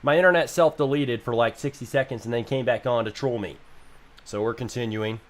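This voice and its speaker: A man's voice: mid-range voice, a little fast. Ranting young male streamer. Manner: frustrated, ranting, swears freely. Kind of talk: casual live-stream rant.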